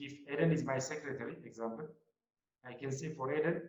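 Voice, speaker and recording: A man's voice: mid-range voice, fast, darkish tone. Guy teaching grammar, keeps asking right?, muffled roomy sound. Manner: repeats points and checks with "right?". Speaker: college English lecturer. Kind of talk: classroom lecture. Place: classroom. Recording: echoey muffled classroom recording.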